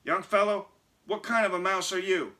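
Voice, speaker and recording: A squeaky, high old mouse fellow from a picture book, lively and chatty, as a man reads him aloud. The voice sits well above the reader's own and rings out with a bright, forceful edge. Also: moderate pace. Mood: friendly. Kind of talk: storybook reading.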